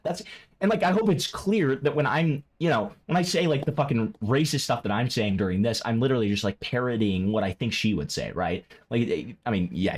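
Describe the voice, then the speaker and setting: A man on a live stream fires off profane, excitable reactions to clips, now and then jumping into loud, high outbursts.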